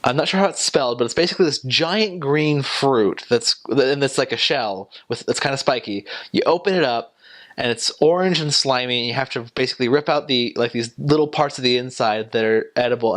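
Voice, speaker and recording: A man's voice: medium pitch, a bit bright. A young man talking casually about his time as a missionary, rambling and hesitant, with many fillers and restarts. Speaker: returned missionary.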